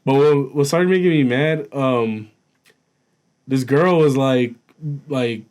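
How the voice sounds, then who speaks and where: A young man co-hosting a podcast, telling a story in casual chat, animated and profane, laughing as he goes. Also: medium pitch, takes it slowly, clear, resonant tone. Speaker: podcast co-host.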